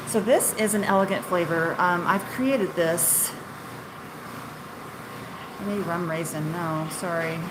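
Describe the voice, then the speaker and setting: A woman who runs a small marshmallow business, telling stories in a casual, rambling, self-deprecating way while cutting candy in her kitchen. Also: medium pitch. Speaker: small-batch marshmallow maker and shop owner. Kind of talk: casual chatty storytelling while working. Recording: steady ambient background noise.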